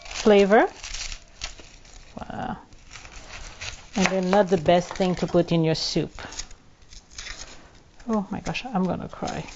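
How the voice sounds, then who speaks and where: A woman talks slowly and chattily as she cooks, walking through every step and dropping French words along the way. Her kitchen sounds a little muffled, with faint sizzling and clatter behind her. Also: lowish voice, darkish tone, a little hiss or hum. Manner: chatty, narrates each step, drops into French. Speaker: cooking show host. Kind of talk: casual cooking demonstration. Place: home kitchen.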